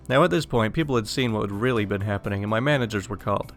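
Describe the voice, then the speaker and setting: A man's voice: fairly low pitch, very fast, few pauses, faint music behind. A young man narrating an online story aloud in a casual, exasperated way. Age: young adult.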